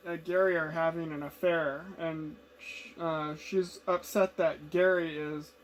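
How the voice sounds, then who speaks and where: A woman's voice: deep voice, steady tone, measured pace, slight background noise, low-quality recording. A woman co-hosting a podcast, chiming in with corrections and asides in a casual chat about a movie. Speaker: podcast co-host.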